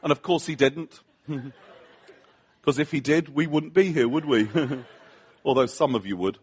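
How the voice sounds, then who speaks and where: A man's voice: a little high, slow, a little hiss or hum. A middle-aged man preaching a humorous sermon, telling a story against himself, laughing often and acting out the voices of the people in it.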